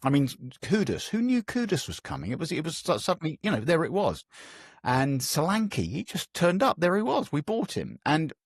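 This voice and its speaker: Husky, lively English man hosting. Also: a little high, normal speed, no echo, studio quality. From England. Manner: animated, swears when worked up, mock voices in quotes. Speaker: podcast host. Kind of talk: casual chat.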